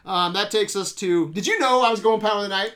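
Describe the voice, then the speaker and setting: A man's voice: sits high, a crowd in the background. A man hosting a casual movie podcast, laughing often and swearing freely. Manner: laughing, swearing, quick asides. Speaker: podcast host. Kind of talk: casual chat.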